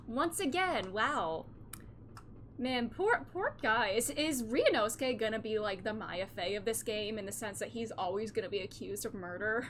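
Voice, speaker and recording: A woman's voice: a little high, animated, normal speed, noisy background. A woman streaming a game, chatting casually, giggling and reading lines aloud. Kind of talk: casual let's-play commentary.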